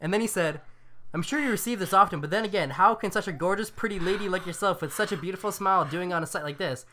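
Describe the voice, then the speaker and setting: A man's voice: sits high, quick pace, sharp tone. A man co-hosting a casual podcast, reading out dating-app messages and laughing between lines. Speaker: podcast co-host.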